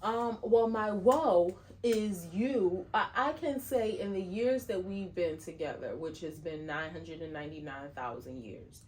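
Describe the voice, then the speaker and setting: A woman co-hosting a podcast, speaking gently and supportively to her partner, a little halting. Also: low-pitched, slight background noise. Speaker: podcast co-host. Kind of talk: casual chat.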